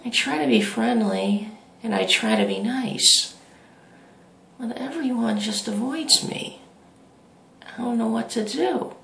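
A man voicing a whiny, awkward, lonely teenage boy who talks haltingly and repeats himself. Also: extremely high pitch, sing-song, gravelly, pushed and bright, reverberant, a little hiss or hum, voice pushed up, full character voice.

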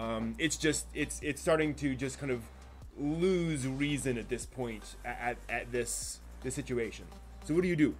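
A man narrating a tabletop game during a live stream while he paints miniatures, rambling with many pauses and restarts. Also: medium pitch, soft background music.

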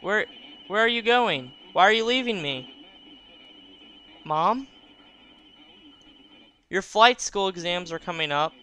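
A man voicing a frail, confused elderly mother in a hospital, doting and then shrill, reading game dialogue aloud. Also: lively intonation, takes it slowly, long pauses, pushed and bright, a little hiss or hum, heavily acted. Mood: pleading.

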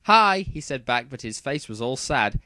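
A man reading fan fiction aloud for comedy, dropping deadpan sarcastic asides. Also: mid-range voice, moderate pace, dry recording, clean studio sound.

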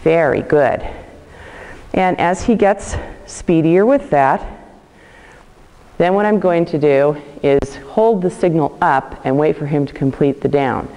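A woman dog trainer calmly explaining a training method and praising her dog during a demonstration. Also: unhurried. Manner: calm explaining, praising the dog in high bursts. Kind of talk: instructional demonstration. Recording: long hall reverb.

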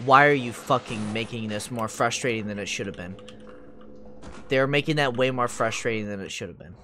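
A man's voice: mid-range voice, fairly quick, fairly bright tone, a little hiss or hum. A young man streaming a video game, talking casually and swearing often, with frequent frustrated outbursts at the game. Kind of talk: live gameplay commentary.

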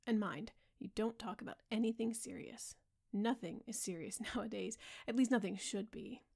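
A woman voicing a petulant, languid young gentleman in a soft bedtime audiobook reading. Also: on the high side, normal speed, creaky, husky. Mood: airy.

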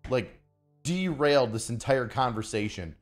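A man hosting a casual stream, roasting his guest with loud mock-angry rants and heavy swearing. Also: mid-range voice, animated, moderate pace, soft background music. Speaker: podcast host.

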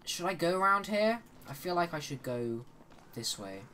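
A man's voice: a little high, very animated, moderate pace, bright, forceful tone, a little hiss or hum. A man giving casual, chatty commentary on a horror game while he plays, with joking asides. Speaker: let's play host.

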